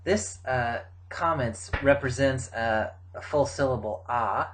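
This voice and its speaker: A middle-aged man giving a recorded grammar lecture, explaining forms in a measured way with frequent fillers. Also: mid-range voice, a bit bright, low-quality recording. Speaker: Biblical Hebrew teacher.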